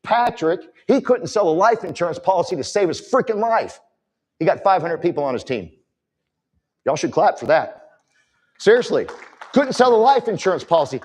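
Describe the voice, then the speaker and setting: A man's voice: high voice, a little mellow, husky. A man giving a motivational talk from a conference stage, emphatic and direct with the audience. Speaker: conference speaker.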